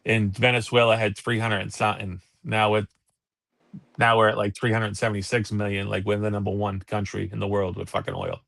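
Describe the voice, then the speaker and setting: A man's voice: lowish voice, level tone, fairly quick, gravelly, a bit bright, dry recording. A man hosting a live talk show, ranting in heated, profane casual chat. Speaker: podcast host.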